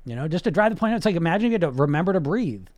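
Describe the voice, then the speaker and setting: A man's voice: a little high, lively intonation, racing, darkish tone, no room sound. A man, a hypnotist hosting a podcast, talking in an emphatic, blunt way with lots of rhetorical questions and the odd swear word. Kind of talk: motivational podcast monologue.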